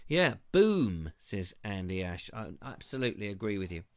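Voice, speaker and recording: A man's voice: fairly low pitch, very animated, normal speed, smooth. Chatty man hosting a live show. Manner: chatty and jokey, reads comments aloud with quips. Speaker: host of a live online show. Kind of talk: live chat reading viewer comments. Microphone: lavalier mic.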